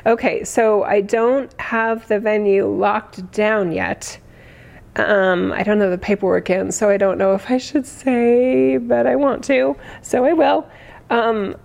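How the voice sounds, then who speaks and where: A woman in her forties, hoarse today, chatting effusively on a livestream, laughing often as she reads comments. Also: medium pitch, a little mellow. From United States. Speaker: livestream host. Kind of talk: casual livestream chat reading comments.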